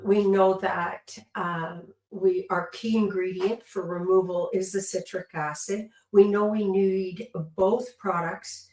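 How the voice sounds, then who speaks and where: A woman trainer walks through a product demonstration at an unhurried pace, earnest and explanatory. She stops to correct herself and restarts thoughts as she goes. Her voice rings in a roomy, echoey space. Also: lowish voice. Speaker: tattoo removal trainer. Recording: echoey room.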